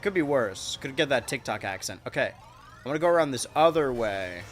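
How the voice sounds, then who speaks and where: A man streaming a kart racing game, rambling and joking to his chat with sudden excited yelps. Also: mid-range voice, fairly quick, soft background music. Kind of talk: live-streamed gameplay commentary.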